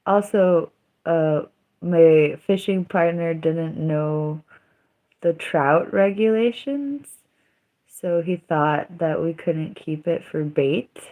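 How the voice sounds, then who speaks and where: A woman's voice: low voice, takes it slowly, narrow, tinny audio. A young woman chatting casually on her livestream, rambling, giggling and trailing off.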